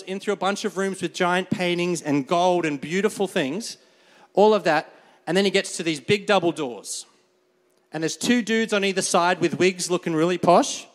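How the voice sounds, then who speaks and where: A man preaching a conversational sermon, calling for amens and laughing often as he brings a volunteer on stage. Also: high-pitched. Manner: conversational, asks the crowd for amens. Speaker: pastor. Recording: long reverb of a large hall.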